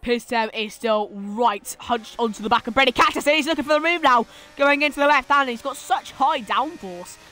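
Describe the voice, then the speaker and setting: A man's voice: extremely high pitch, normal speed, hardly any pauses, bright, forceful tone. A man commentating a sim racing league, teasing his co-host and calling the action. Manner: banter, bossy teasing of co-host. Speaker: race commentator.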